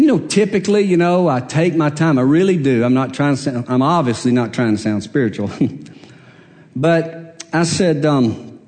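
A man's voice: on the high side, a little mellow, long reverb tail. A man, a pastor from Alabama telling a personal story in a chatty, self-deprecating way, chuckling as he goes. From Alabama, USA. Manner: folksy, self-deprecating, laughs while telling stories. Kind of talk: conversational storytelling sermon.

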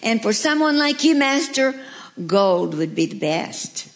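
A woman's voice: fairly high pitch, sing-song, measured pace, voice pushed up. Woman reading as a boastful gold vessel.

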